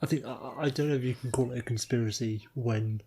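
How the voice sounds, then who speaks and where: British male podcast co-host, gravelly, husky, wry and sweary. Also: mid-range voice, fairly even intonation, fast talker, mellow. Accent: British English. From Britain. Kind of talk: casual chat.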